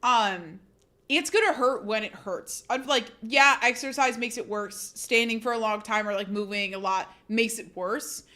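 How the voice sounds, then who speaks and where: A woman streamer chatting casually with her viewers, animated, laughing often and swearing freely. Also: on the high side, measured pace. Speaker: live streamer.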